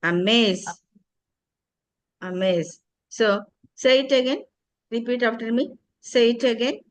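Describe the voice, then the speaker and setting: A woman with an Indian English accent teaching English pronunciation, saying each word slowly and repeating it for a student to echo. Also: a little high. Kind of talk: pronunciation drill lesson.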